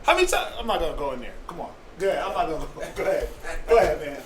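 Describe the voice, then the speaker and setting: A man's voice: on the high side, sing-song, racing, a bit bright, a little hiss or hum, low-quality recording. A man speaking passionately in a group discussion, acting out the people he quotes and laughing often. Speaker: discussion participant.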